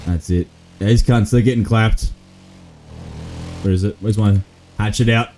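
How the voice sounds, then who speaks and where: A man playing a roleplay game, swearing and making rough threats at other players. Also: fairly low pitch, fairly even intonation, moderate pace, darkish tone, a little hiss or hum. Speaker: roleplay gamer. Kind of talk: in-character gaming banter.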